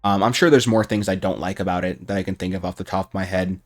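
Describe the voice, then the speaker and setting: Commenting off the cuff on a video game, a young man who makes gaming YouTube content turns heated and swears, his voice rising toward a shout. He has a deep voice, steady tone, and talks fast.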